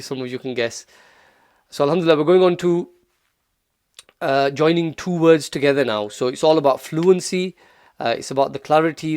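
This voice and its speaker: A man teaching recitation in a casual recorded lesson, speaking with an easygoing, encouraging manner. His voice sounds smooth and resonant at a middling pitch, and he often pauses on fillers before stretching out a louder demonstration. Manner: relaxed and encouraging, with frequent fillers and restarts; drawn-out louder model recitations.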